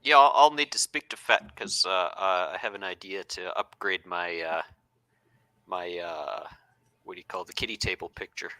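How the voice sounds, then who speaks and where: A male guest with a very deep, gravelly voice and a bright, forceful edge joins a casual podcast chat. He stops and restarts as he hunts for his words. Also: low-quality recording. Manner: halting, searching for words.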